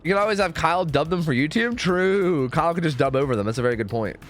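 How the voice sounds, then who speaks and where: Young man, American accent, lively pitch, casual profane stream chat, faint music behind. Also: fast talker. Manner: chatty, profane, animated, reads chat aloud.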